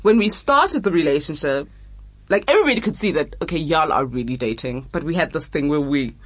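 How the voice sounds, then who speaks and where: A woman, calmly recounting her own relationship in a casual chat. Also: deep voice, fairly quick, breathy edge, no room sound. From South Africa. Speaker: podcast co-host.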